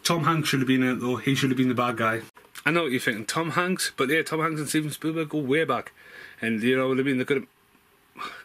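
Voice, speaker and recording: A man giving an excitable, sweary movie review at home in a room full of film collectibles, saying wow again and again. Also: mid-range voice, quick pace. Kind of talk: casual excited vlog review.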